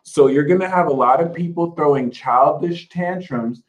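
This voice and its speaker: A man's voice: a little high, normal speed, poor audio. A man speaking as an astrology reader, giving spiritual advice in an emphatic, sassy way and mocking imagined critics in put-on voices.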